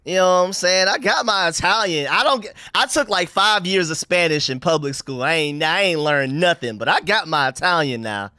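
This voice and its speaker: This young man from the United States runs a sports livestream, casually going through viewer comments with slang and meandering false starts. He speaks at a moderate pace in a high, lively, bright voice with a forceful tone, barely pausing, on clean studio audio with no echo.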